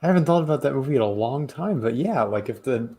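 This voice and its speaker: Relaxed man musing in a studio chat. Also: mid-range voice, fast talker, a little hiss or hum. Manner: relaxed, musing, trails off into fillers. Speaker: teaching artist. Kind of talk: casual chat while working.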